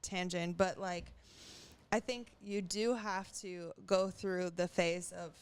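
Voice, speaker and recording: A woman's voice: on the low side, steady tone, slow pace, clean tone. A young adult woman co-hosting a podcast, chatting casually and telling rambling, candid stories full of "like". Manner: candid, rambling storyteller with frequent "like". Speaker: podcast co-host. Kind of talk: casual chat.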